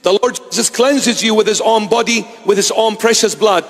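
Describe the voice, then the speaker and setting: A man's voice: high-pitched, moderate pace, big-room sound. A man preaching a sermon to his congregation in an emphatic, rhetorical style, repeating key phrases.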